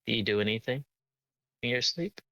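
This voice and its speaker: A man's voice: medium pitch, animated, brisk, gravelly, bright, forceful tone, dry recording, low-quality recording. A man narrating as game master of a tabletop game, hesitant with many ums and uhs.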